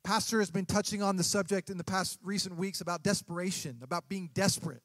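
Male pastor, thirties, earnest sermon delivery, frequent restarts, fairly high voice, dry close sound. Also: steady tone, fast talker, a bit bright, no room sound.

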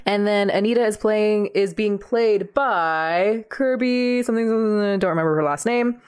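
A woman's voice: medium pitch, moderate pace, darkish tone, clean tone. A young woman co-hosting a podcast in casual chat, enthusiastic and gushing. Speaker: podcast co-host.

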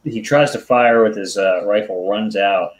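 A man's voice: on the low side, measured pace, low-quality recording. A man in casual chat, chiming in to add details to a recap. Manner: animated, adds details.

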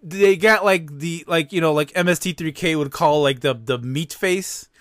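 On a podcast, a male co-host with a higher voice chats and rambles casually at normal speed, tossing in plenty of fillers and laughs. His tone is a bit bright, and the recording is dry and clean, studio-grade.

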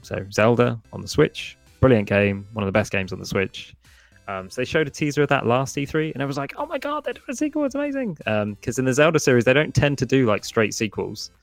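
A man talking casually on a podcast about video games, rambling with many fillers and restarts and breaking into animated impressions. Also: medium pitch, a little fast, vocal fry, no echo, soft background music. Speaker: podcast guest, gaming expert.

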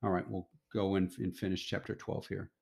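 A man casually teaching a Bible lesson to his family, reading scripture aloud and explaining it in a relaxed, conversational way that turns emphatic at times. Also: deep voice, brisk, vocal fry. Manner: relaxed, conversational, gets emphatic when paraphrasing.

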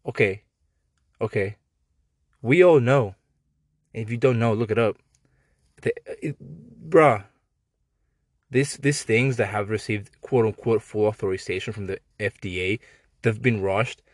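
Mexican-accented guy ranting on his podcast, lowish voice, swears a lot, super dry close sound. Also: no echo. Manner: sarcastic, profane, slangy. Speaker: podcast host. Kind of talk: casual podcast rant.

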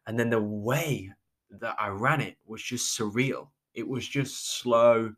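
A man from England, hosting a podcast, telling a personal story in a halting way, close to tears and stopping often. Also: medium pitch, a bit bright. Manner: halting, with many restarts and trailing pauses. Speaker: podcast host. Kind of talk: reflective personal monologue.

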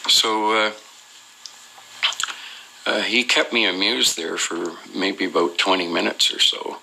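A man recounts his own experience in unscripted, rambling personal storytelling, often hesitating with "uh" and starting his sentences over. He speaks slowly in a low voice with vocal fry and a bright, forceful tone, and the recording is rough.

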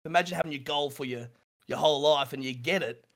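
A middle-aged Australian man telling his story in an interview, halting and repeating himself, with nervous laughs. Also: fairly high pitch, vocal fry, a bit bright. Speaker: streamer guest.

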